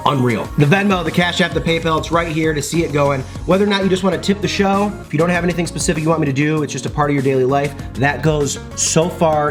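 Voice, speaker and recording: A man in his thirties from the Midwestern US, chatting casually and laughing while telling stories and reviewing food in his home kitchen. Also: medium pitch. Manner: chatty, laughing, lots of fillers. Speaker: food vlogger host. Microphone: external microphone.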